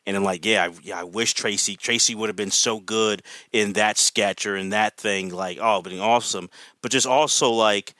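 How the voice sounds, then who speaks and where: A man's voice: fairly low pitch, moderate pace, pushed and bright, dry recording. A man talking as a podcast guest in casual chat, enthusiastic and rambling, with lots of fillers.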